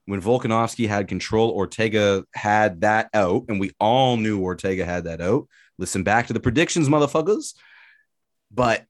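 Heard in a dry, clean studio recording, this podcast co-host has a lowish male voice and talks at normal speed. He rants energetically on a casual sports talk show, animated and full of profanity.

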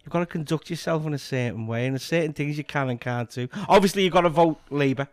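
Middle aged scouse guy spinning yarns on a podcast, swears a lot, bit high, no room sound. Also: quick pace, smooth, dry recording, clean studio sound. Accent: Liverpool. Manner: animated storyteller, swears freely. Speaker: podcast guest. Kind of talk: casual chat.

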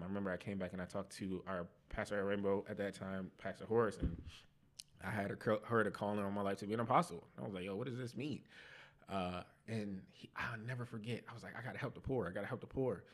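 A young man on a podcast, telling his life testimony in casual slang, animated and laughing at himself. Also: on the low side, fast talker. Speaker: podcast guest.

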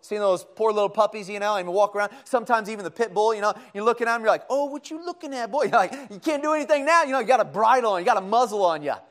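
A man's voice: high-pitched, racing, few pauses, a bit bright. A man preaching a Bible study sermon in a folksy, conversational way, often asking the congregation questions.

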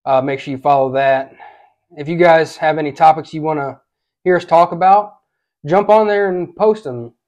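A man with a somewhat high voice hosting a podcast and wrapping up the episode. He reads the sponsor plug and asks for ratings in a relaxed, informal way, with plenty of fillers. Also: moderate pace, lo-fi sound. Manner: casual, easygoing, filler-heavy. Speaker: podcast host. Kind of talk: podcast sign-off and sponsor read.

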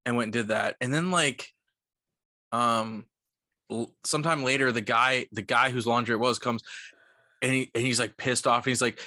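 Bright-voiced young man telling a profane story. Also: medium pitch, moderate pace, no room sound, clean studio sound. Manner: profane, animated, lots of "like". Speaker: podcast co-host. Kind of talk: casual storytelling.

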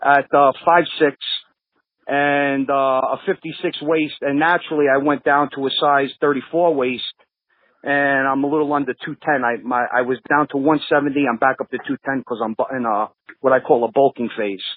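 A man's voice: mid-range voice, fairly even intonation, normal speed, dry recording. A man with a New York accent, born in Brooklyn, telling stories in a rambling, restarting way on a podcast. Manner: rambling, many restarts and fillers. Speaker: podcast regular. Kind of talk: casual storytelling. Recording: phone-line audio.

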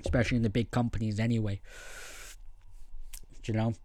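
A man hosting a casual podcast, rambling and swearing freely as he mimics people in quick asides. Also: fairly low pitch, little pitch movement, dark tone. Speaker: podcast host. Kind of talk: casual wrestling review podcast.

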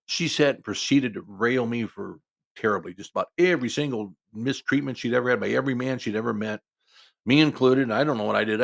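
A man with a gravelly, creaky voice telling a story in a loose, conversational way. He starts over often and drifts into asides as he talks. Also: medium pitch, fairly bright tone. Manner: rambling, conversational, with many restarts and asides. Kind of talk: casual spoken storytelling.

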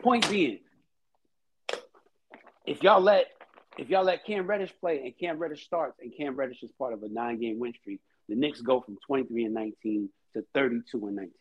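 A man co-hosting a casual sports talk show, animated and repetitive, laughing often. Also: medium pitch, fairly quick, slightly rough, poor audio. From Haitian-American. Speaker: podcast co-host.

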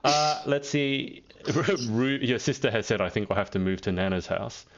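An Australian man hosting a casual live interview, reading out viewer comments in a relaxed, joking way. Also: mid-range voice, moderate pace. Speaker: interview host. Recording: dull lo-fi stream audio.

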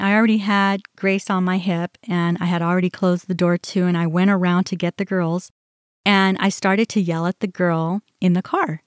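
A middle-aged woman hosting a podcast, telling a personal story in an animated way, often quoting herself and others. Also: on the low side, no room sound, clean studio sound. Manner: animated, quotes herself and others, restarts when upset. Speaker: podcast host.

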